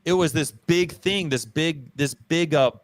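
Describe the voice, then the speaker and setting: A man's voice: fairly high pitch, a little slow. Slangy, emphatic man telling his story. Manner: slangy, storytelling, frequent "bro" and "dude"; self-deprecating and emphatic. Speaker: podcast host. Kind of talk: casual podcast conversation.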